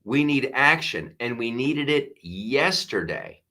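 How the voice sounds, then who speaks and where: A man's voice: medium pitch, big pitch swings, takes it slowly, sharp tone. A man hosting a live comedy news show, ranting with exasperated sarcasm and frequent restarts.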